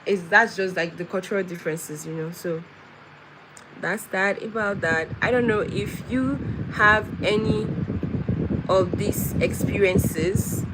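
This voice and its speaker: A woman's voice: mid-range voice, measured pace. Chatty young woman from West Africa. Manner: chatty, with many restarts and laughs, animated storytelling. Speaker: vlogger. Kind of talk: casual live-stream chat. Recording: noisy background with vehicle sounds.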